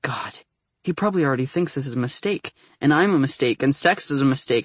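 A man's voice: on the high side, very animated, a little fast, husky, no echo. A man reading a first-person story aloud, intimate and anxious, often tipping into flustered rambling. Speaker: audiobook narrator. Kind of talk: scripted first-person narration.

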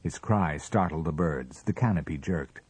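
A man narrating a story aloud in a measured, expressive reading style. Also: extremely low pitch, breathy edge, no echo.

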